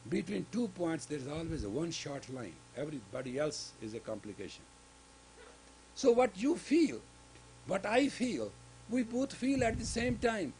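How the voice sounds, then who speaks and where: A man giving a sermon-style lecture as a spiritual teacher in a gurdwara, speaking emphatically with sudden loud rises on key words. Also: on the high side, big pitch swings, normal speed, slight background noise, low-quality recording.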